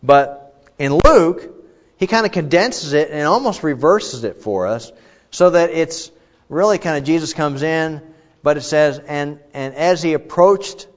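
A man preaching a sermon in a relaxed, explanatory way, often restarting his phrases and then lifting his voice with excitement. His mid-pitched voice rings through a large hall with a long echo, and the sound is a little muffled.

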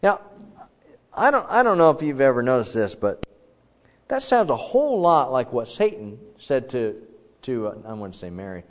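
A male preacher giving a folksy, lively sermon. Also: medium pitch, moderate pace. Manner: lively, folksy, acts out Bible voices. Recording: dull echoey hall recording.

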